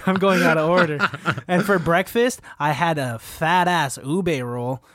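A man's voice: fairly high pitch, a little slow, a bit bright, no echo, clean studio sound. A young man co-hosting a podcast, joking and teasing his co-host in casual chat.

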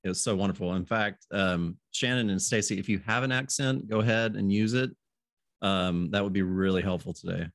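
Laid-back man hosting a podcast, low voice. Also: fairly quick, no echo, clean studio sound. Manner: easygoing, laughs often, restarts phrases. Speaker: podcast host. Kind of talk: casual podcast chat.

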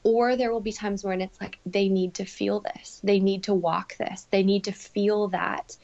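A woman's voice: medium pitch, fairly even intonation, a little slow, vocal fry. Heartfelt woman, dull lo-fi sound. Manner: heartfelt, fillers and soft asides. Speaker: parenting expert guest. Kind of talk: conversational podcast talk.

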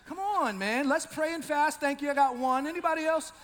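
A male pastor preaching an animated sermon, swinging from loud shouting to quiet intensity, with joking asides to the congregation. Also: extremely high pitch, fairly quick, big-room sound.

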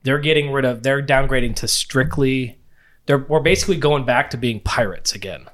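A man's voice: medium pitch, normal speed, fairly bright tone. Laid-back ex-Marine guy chatting. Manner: laid-back, profane, rambling. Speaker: former Marine. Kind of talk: casual chat.

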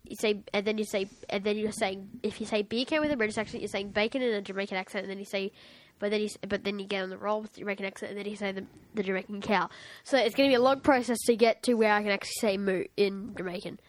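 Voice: medium pitch, steady tone, fast talker, few pauses. A podcast co-host chatting casually, rambling through explanations and tech news.

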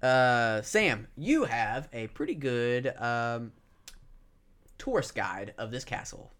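A man's voice: mid-range voice, animated, slow, a bit bright. A man running a tabletop game as game master, loose and joking, swearing casually.

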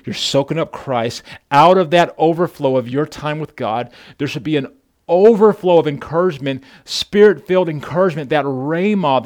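Passionate preaching man, pastor. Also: mid-range voice. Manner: repeats words and builds to loud, passionate exhortation; speaks directly to the listener as brother. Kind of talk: sermon.

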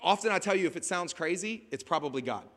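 A man preaching a conversational sermon as a pastor, rising to emphatic shouts. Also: sits high, animated, fast, big-room sound. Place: outdoors at a beach gathering.

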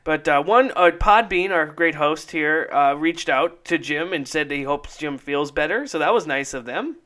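Bright, upbeat male podcast host. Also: fairly high pitch, normal speed. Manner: laughs often, rambling with fillers. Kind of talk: casual podcast chat.

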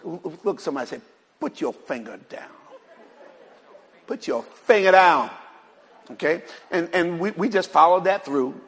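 A preacher tells a story to his congregation, stumbling through repeated words. His voice sits high and gravelly, with a husky edge. It rings out in a church with a long, trailing reverb. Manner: retells a conversation in many quoted lines, repeats words, speaks to the congregation. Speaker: pastor. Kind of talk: sermon storytelling. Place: church sanctuary.

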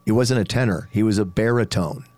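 A man's voice: on the low side, fairly quick, darkish tone, no echo. A man who sings rock talking casually about vocal technique, rambling with many restarts and little demonstrations. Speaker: rock singer and studio vocalist. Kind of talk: casual podcast chat.

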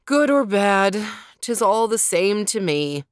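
A woman's voice: medium pitch, big pitch swings, slow, dry recording, studio quality. A woman voicing a gloomy young lord. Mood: sulky.

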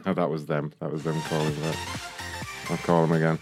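A man's voice: very deep voice, flat delivery, slow pace, long pauses, over loud music. A man hosting a prank call show, taunting the people on the line with profanity and frequent laughter. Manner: mocking, profane, laughs often. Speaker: prank caller host.

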